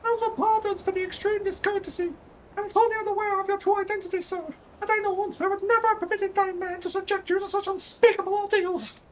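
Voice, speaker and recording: A man voicing a fussy, apologetic courtly official in a high falsetto, formal and hurried. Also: flat delivery.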